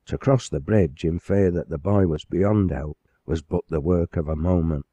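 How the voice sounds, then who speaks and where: Deep-voiced man reading an audiobook. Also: mellow, slightly rough, dry recording, dull audio. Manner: measured dramatic storytelling. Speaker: audiobook narrator. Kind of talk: scripted narration of a classic novel.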